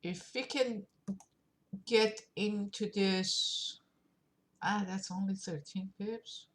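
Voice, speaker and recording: Woman trader muttering through her charts, slow unhurried talk, lots of ums and pauses. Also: mid-range voice, fairly even intonation. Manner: talks to herself while clicking through charts, with many pauses and fillers. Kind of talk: live screen-share trading commentary.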